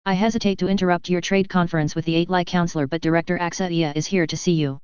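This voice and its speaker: A woman's voice: lowish voice, fairly even intonation, quick pace, darkish tone, clean tone, no room sound, highs cut off, natural voice. A woman reading the lines of a polite, deferential aide speaking over an intercom.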